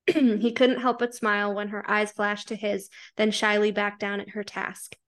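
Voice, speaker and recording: A woman's voice: medium pitch, little pitch movement, measured pace, fairly bright tone. Woman podcast host reading fanfiction aloud. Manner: swears freely and laughs while reacting. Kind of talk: reading fanfiction aloud, then casual chat.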